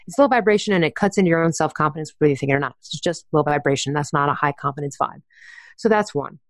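A woman with a somewhat low voice talks in a candid, chatty way, using casual slang and laughing as she goes. Her voice is recorded close and dry, with no room sound. She speaks as a coach in a relaxed podcast conversation. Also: quick pace, no room sound.

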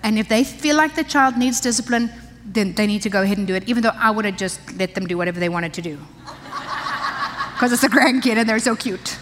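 This older woman speaks at a medium pitch, a little quickly and with a slightly bright tone. She is the pastor's wife giving women in church a conversational, forceful sermon, recorded amid long hall reverb.

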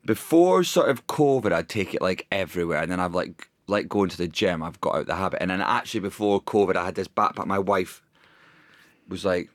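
A man's voice: sits low, expressive, brisk, dry recording, clean studio sound. A man in his thirties telling rambling, self-deprecating stories in a casual podcast chat, full of restarts. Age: 30s. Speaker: comedian guest.

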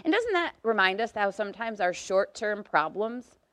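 Lively woman preaching in a dry room. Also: normal speed, dry recording. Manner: lively, voices quoted figures with rising pitch and volume. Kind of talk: sermon.

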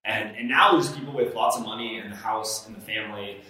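Recorded off-mic in an echoey room, a man co-hosts a casual podcast chat. His lowish voice is bright and forceful, fairly quick, and he talks in an earnest coaching way full of fillers.

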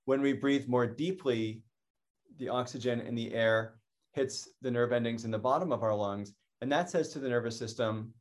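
A middle-aged man from North America giving a calm, earnest educational talk as a mindfulness teacher, often restarting his phrases. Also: mid-range voice, normal speed.

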